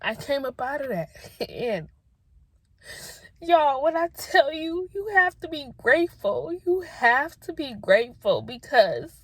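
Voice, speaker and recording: A woman's voice: sits high, sing-song, unhurried, no echo. A young woman talking to her viewers on camera, sharing heartfelt personal advice in an earnest, emotional way. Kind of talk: spontaneous heartfelt talk to camera.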